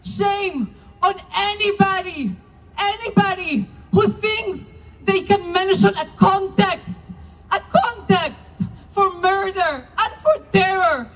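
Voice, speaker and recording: A woman's voice: very high voice, a bit bright, poor audio. A woman from Argentina, a religious leader, giving a fiery and emphatic protest speech at an outdoor demonstration. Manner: fiery, rhetorical, slow, emphatic. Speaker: religious leader speaking at a rally.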